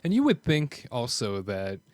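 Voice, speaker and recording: A man co-hosting a podcast in casual chat, giving measured, critical commentary. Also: mid-range voice, huge pitch swings, dry recording. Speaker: podcast co-host.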